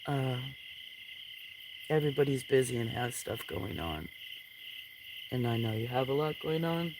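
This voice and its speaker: A man hosting a late-night livestream outdoors, chatting with viewers in a sleepy, relaxed way and yawning often. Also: mid-range voice, creaky. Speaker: livestream host. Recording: outdoor night ambience with insect noise. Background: crickets, frogs and insects.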